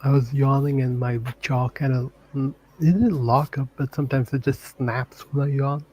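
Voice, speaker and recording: A man's voice: medium pitch, steady tone, normal speed, dark tone, rough recording. A man co-hosting a live auction stream, chatting in a laid-back way with dry interjections. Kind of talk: casual live-stream chat.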